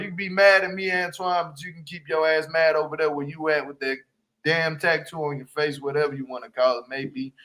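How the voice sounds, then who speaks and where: Guy reviewing reality tv on a stream, bright voice, laughs a lot, talks right to the chat. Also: a little high, poor audio. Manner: animated, slangy, laughs often, talks straight to viewers. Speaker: reality show reviewer, livestream host. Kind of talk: casual commentary.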